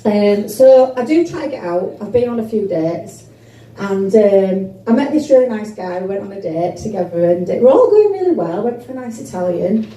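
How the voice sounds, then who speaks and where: A woman's voice: medium pitch, animated, normal speed, mellow, distant mic. A woman doing a stand-up comedy set, chatty and self-deprecating with many fillers. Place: comedy club. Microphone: phone standing on a table in the audience. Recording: echoey club recorded from afar.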